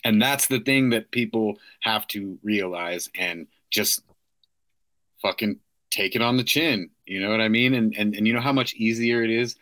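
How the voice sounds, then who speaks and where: A man's voice: on the low side, a bit bright, dry recording. A man co-hosting a casual podcast, talking in a profane way and often asking "you know what I mean". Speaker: co-host. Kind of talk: casual chat.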